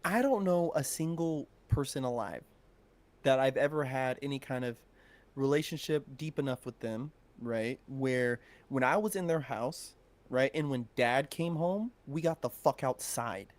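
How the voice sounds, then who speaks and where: A man's voice: mid-range voice, unhurried. A man co-hosting a podcast, talking in a laid-back, casual way and swearing freely. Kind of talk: casual chat.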